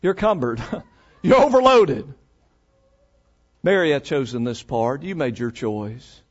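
A man voicing the Lord as a calm man, gently rebuking in a slow, soft, low voice. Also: lo-fi sound. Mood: gentle rebuke.

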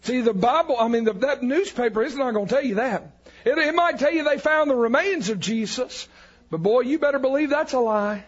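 Man, preacher, evangelical sermon, fervent, shouted emphasis, dull lo-fi recording. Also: very high voice, animated, a little fast, slightly rough. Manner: fervent, builds to shouted emphasis on key lines.

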